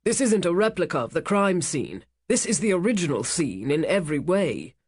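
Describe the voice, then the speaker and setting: A narrator voicing a rich casino owner, a man who speaks with smooth, menacing charm. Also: medium pitch, very animated, moderate pace, no echo. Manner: smooth, commanding, cutting. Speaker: cruise ship owner.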